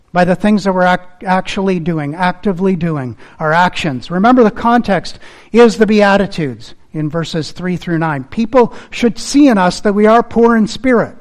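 A man preaching a sermon in an earnest, emphatic manner, repeating key phrases, and closing in prayer. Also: high voice. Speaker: pastor.

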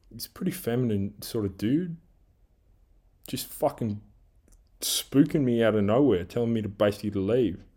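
Husky, mellow, and fairly low in pitch, this Australian man's voice carries a furious solo podcast rant. He swears heavily and wanders into asides, calling himself a big guy who coaches team training.

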